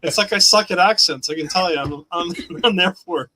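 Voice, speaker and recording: A man's voice: high voice, fairly quick, crowd noise, poor audio. A middle-aged man chatting as a guest on a remote talk show, enthusiastic and rambling, laughing often. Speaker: guest comic creator. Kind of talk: casual interview chat.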